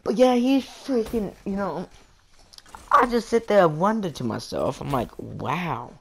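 A man's voice: high voice, sing-song, normal speed, a bit bright, a little hiss or hum. A male gaming vlogger telling a rambling story in casual chat, full of fillers and the word "freaking". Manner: chatty, repeats "freaking" and fillers.

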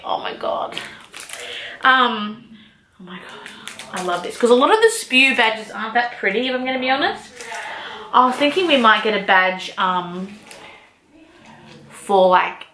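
A young woman vlogger chatting excitedly through an unboxing, gushing and exclaiming, with casual swearing. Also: mid-range voice, normal speed, pauses often. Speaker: book vlogger. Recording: echoey room, faint noise.

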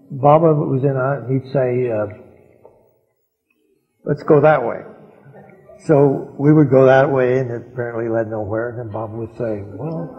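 An older man recounting old memories to a gathering, rambling with frequent chuckles and fillers. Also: medium pitch. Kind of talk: anecdotal storytelling talk. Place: large hall at a gathering. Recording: dull archival recording in reverberant hall.

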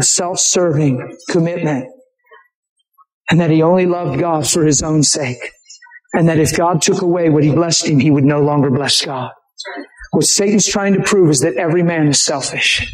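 A man preaching a sermon with impassioned emphasis, sometimes shouting, sometimes slowing to stress a point. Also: sits high, reverberant, low-quality recording.

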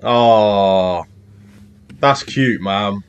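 A man hosting a reaction video, chatting casually, excitable and laughing often. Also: fairly low pitch, drawn-out words, clear, resonant tone, dull audio.

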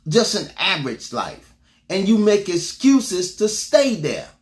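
A man preaching a motivational sermon, exhorting his congregation with call-and-response and repeated words, swinging between loud bursts and low murmurs. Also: big pitch swings, a little slow.

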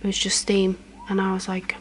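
A young woman in a whispered role-play, chatting softly and counting slowly as she does a friend's hair. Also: mid-range voice, completely flat delivery, a little hiss or hum, low-quality recording. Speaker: ASMR creator.

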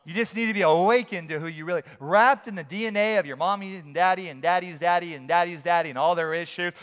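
A high, smooth-voiced man preaching to a congregation. He is animated and playful and breaks into shouted character voices. The long reverb of a large church hall hangs on his words. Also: fast talker, hardly any pauses. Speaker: pastor. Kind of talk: sermon.

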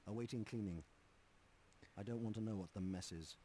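A man voicing a calm undercover agent. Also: lowish voice, fairly quick, lightly acted. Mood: dry. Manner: steady, reassuring.

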